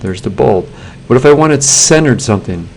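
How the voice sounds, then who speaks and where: A man, a teacher talking students through a software assignment in a relaxed screencast with plenty of fillers. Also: mid-range voice, fairly quick, vocal fry, slight background noise. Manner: relaxed, plain instructions with fillers.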